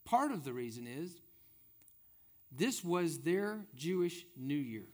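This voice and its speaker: A man's voice: fairly high pitch, lively intonation, measured pace. A man preaching a sermon as pastor, reading scripture and adding folksy, humorous asides.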